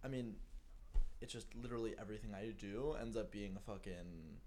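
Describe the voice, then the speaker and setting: A man's voice: fairly low pitch, brisk, darkish tone, a little hiss or hum. A young man co-hosting a podcast in loose, giggly casual chat, swearing freely. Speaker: podcast co-host.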